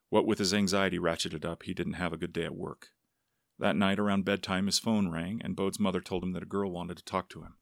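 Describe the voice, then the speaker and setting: A man narrating a story aloud in a steady, unhurried manner. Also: low voice, vocal fry, dry recording, clean studio sound. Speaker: audiobook narrator. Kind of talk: scripted narration.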